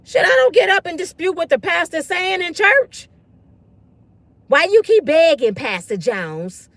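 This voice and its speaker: A woman's voice: very high voice, expressive, normal speed, fairly bright tone, no room sound. A woman ranting bluntly and profanely in a casual livestream on her phone. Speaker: online commentator.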